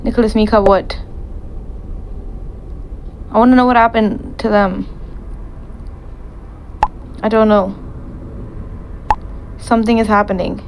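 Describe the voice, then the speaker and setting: A woman's voice: medium pitch, flat delivery, slow pace, long pauses, slight background noise, low-quality recording. A woman streaming a horror game, scared and repeating herself as she reacts. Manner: jumpy, repeats herself when frightened. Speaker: gameplay streamer. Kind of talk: let's play commentary.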